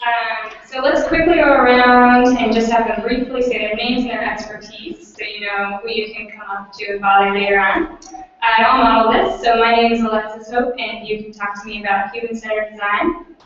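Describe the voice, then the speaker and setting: A woman's voice: fairly high pitch, steady tone, normal speed, a bit bright. A woman organizer leading introductions at a hackathon in a friendly, guiding way. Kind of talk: running event introductions. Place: large echoey room. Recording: distant roomy lo-fi recording.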